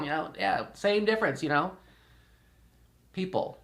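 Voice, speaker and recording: A man's voice: on the high side, expressive, fairly quick, vocal fry, pushed and bright. Rambling casual man chatting at home. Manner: rambling, repetitive, laughs often. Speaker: podcast host. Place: indoors in a house.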